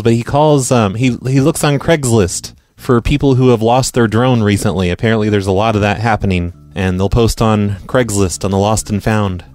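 A low-pitched man hosting a podcast, joking sarcastically between listener voicemails. His casual talk is full of swearing and mock enthusiasm, with faint music underneath. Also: a little mellow.

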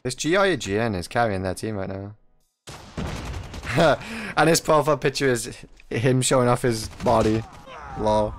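Speaking unhurriedly and pausing often, this medium-pitched young man narrates his mobile shooter matches in a chatty, joking way. He's a mobile gaming YouTuber who laughs a lot at both teammates and enemies, with faint music behind him.

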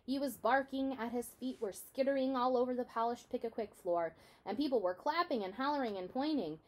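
A woman reading a children's novel aloud in an expressive storytelling manner. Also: a little high, a little fast. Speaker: reader.

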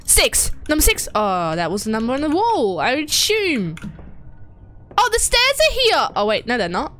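A woman's voice: sits high, huge pitch swings, moderate pace, a bit bright, a little hiss or hum. A young woman streamer giving jumpy, swear-heavy horror game commentary and talking to her chat. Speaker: gaming streamer.

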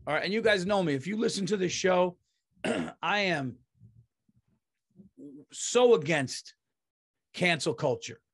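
A man's voice: high voice, animated, unhurried, pauses often, husky. A man, a comedian hosting his podcast, telling a story in a heated, profane ranting monologue.

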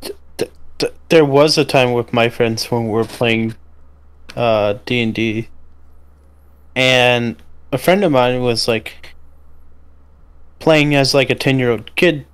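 Young man, slow pace, halting casual anecdote, false starts. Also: mid-range voice, a bit bright, clean tone. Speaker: podcast co-host. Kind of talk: casual storytelling chat.

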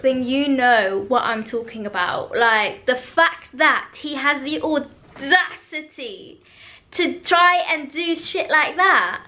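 Excitable woman in her twenties, high bright voice, gushing book-vlog chat. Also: slow. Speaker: book vlogger. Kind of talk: casual reading vlog chat.

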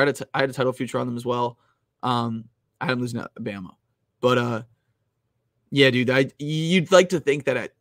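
A young man hosting a live stream about sports bets, talking casually and loudly at times, rambling with lots of "like"s and restarts close to his mic. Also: mid-range voice, no echo. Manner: rambling, filler-heavy, restarts with "like"; animated, loud at times. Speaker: sports betting host.

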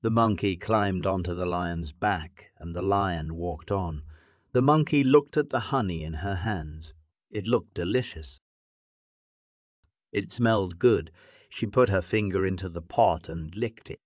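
Low-voiced guy reading a kids story slow and careful, dry close sound. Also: no room sound. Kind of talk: scripted narration of a graded reader.

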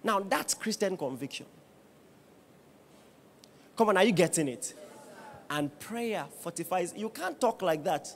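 A man preaching a sermon as pastor, firing rhetorical questions at the congregation and building to shouts. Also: sits high, measured pace, pauses often, a little hiss or hum. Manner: animated preaching with rising shouts and bursts of laughter.

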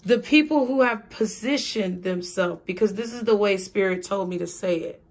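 A woman tarot reader giving a collective reading, speaking in slow, repetitive spiritual phrases. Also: medium pitch.

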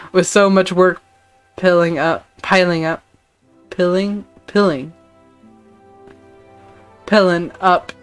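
Woman reading as a gruff old ex-pirate. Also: on the low side. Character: weathered old male ex-pirate orchard keeper. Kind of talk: reading game dialogue aloud.

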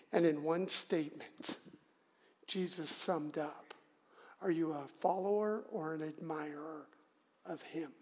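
A man's voice: on the high side, measured pace. A male pastor giving a conversational sermon, with dramatic, emphatic delivery. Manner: conversational, dramatic preaching with sudden loud emphasis. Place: church sanctuary. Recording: long church reverb.

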